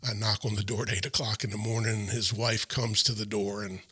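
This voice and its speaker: A man telling his life story in a sit-down interview, earnest and halting, often repeating and restarting his words. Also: fairly low pitch, level tone, bright, forceful tone, breathy edge. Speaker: interview guest. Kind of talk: personal storytelling in a sit-down chat.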